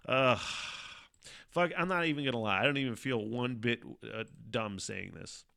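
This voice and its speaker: A man's voice: mid-range voice, measured pace, creaky, pushed and bright. A man hosting his own podcast, talking in a casual, rambling monologue full of profanity, fillers and laughter. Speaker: podcast host.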